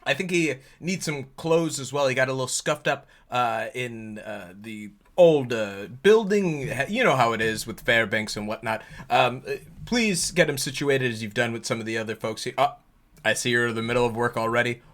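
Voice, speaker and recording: A man's voice: medium pitch, moderate pace, a bit bright, natural voice. A man voicing a jovial older male showman who talks heartily and stumbles over his words. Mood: hearty.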